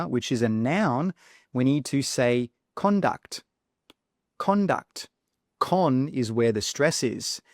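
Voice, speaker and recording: A man teaching an English exam lesson, clearly explaining points and slowly modelling word pronunciation. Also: mid-range voice, darkish tone, no echo, clean studio sound. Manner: clear, instructive, stresses words slowly when modelling pronunciation. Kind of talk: video lesson.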